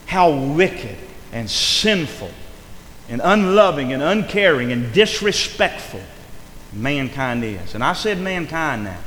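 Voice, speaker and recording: A man's voice: on the high side, a bit bright. Emphatic preacher man in an echoey hall. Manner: emphatic, rising and falling preaching cadence. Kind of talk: sermon. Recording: echoey hall with long reverb, faint noise.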